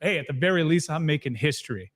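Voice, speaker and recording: A man's voice: fairly high pitch, expressive, fast, a bit bright. A man co-hosting a live sports podcast, arguing his points with passion and some swearing. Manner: passionate, argumentative. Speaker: podcast co-host. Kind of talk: animated sports talk.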